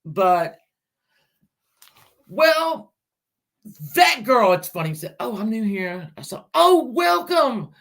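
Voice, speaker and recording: Chatty woman with a lively voice. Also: on the high side, takes it slowly, pauses often. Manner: chatty, talks back to chat comments mid-story. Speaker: livestream host. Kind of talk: casual true-crime storytelling to a live chat.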